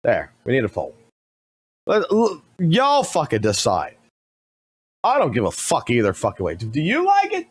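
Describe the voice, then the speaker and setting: A man streaming, giving casual reaction commentary in a rambling, profane, excitable way. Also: on the high side, moderate pace, long pauses, slightly rough.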